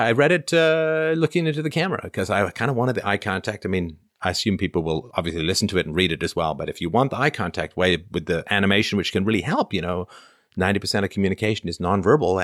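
Deep-voiced man rambling through viewer questions. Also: a bit bright, no room sound, studio quality. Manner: rambling, self-interrupting, reads questions aloud. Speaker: podcast host reading viewer comments. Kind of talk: casual livestream chat.

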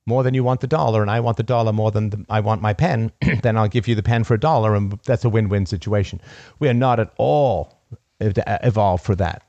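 A man's voice: on the low side, mellow, no room sound, muffled recording. A man hosting a call-in show, talking emphatically, repeating key phrases and laughing at his own stories. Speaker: podcast host. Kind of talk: call-in conversation.

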